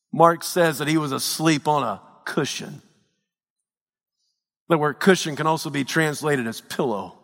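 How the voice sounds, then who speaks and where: A man pastor delivering a dramatic sermon, swinging from hushed tones to shouts. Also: fairly high pitch, takes it slowly, creaky, pauses often, long reverb tail.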